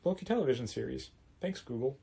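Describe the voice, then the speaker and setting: A man's voice: medium pitch, lively intonation, fast, creaky, dark tone, breathy edge. A man in casual chat on a comic shop podcast, with a mid-range voice. He rambles along, circling back and restarting his sentences.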